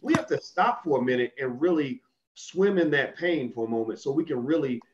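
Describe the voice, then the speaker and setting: A man's voice: medium pitch, animated, fairly quick, background noise. A man hosting an interview, speaking in a reflective, thoughtful way. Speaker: host. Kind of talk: interview talk. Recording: dull lo-fi recording.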